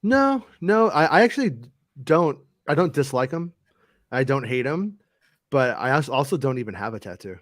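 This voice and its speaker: A man's voice: medium pitch, sing-song, no echo, clean studio sound. A man hosting a podcast, chatting casually with swearing and frequent laughs. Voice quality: swears freely, quick laughs. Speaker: podcast host. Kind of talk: casual profane banter.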